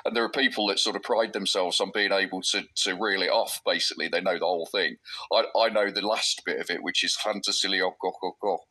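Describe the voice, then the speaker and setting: A man's voice: sits low, steady tone, fast, sharp tone, low-quality recording. A man in his thirties, an author guest chatting casually in a podcast interview, rambling with restarts.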